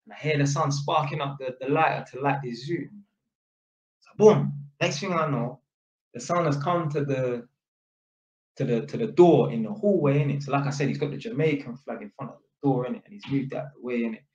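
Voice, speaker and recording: A man telling a story in a casual, animated way, full of street slang and tag questions. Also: medium pitch, fairly quick. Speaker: vlogger. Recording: echoey room, dull lo-fi sound.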